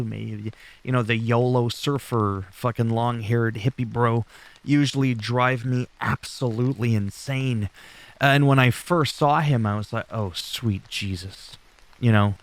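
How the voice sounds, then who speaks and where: A man talking casually as he recaps a wrestling show on his channel, rambling, chatty and loose, with some swearing. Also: medium pitch.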